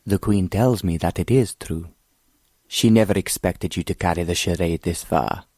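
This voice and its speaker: A man's voice: sits low, normal speed, a little mellow, husky, no room sound, studio quality. A man doing a cold, mocking villainous prince. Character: cold scheming foreign prince, arrogant villain.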